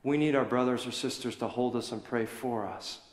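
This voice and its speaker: A male pastor preaches in a large church, his voice carrying through a roomy space with a long reverb tail. He tells a story earnestly and tenderly, in a mid-pitched voice. The sound comes from some distance, as if caught by a room mic in the sanctuary. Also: normal speed. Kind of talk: sermon. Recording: echoey hall from far off.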